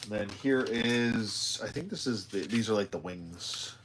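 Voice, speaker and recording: A man's voice: on the low side, a little slow, background noise. A tired man chatting casually while he unboxes a toy live, rambling with self-deprecating asides. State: tired, yawning.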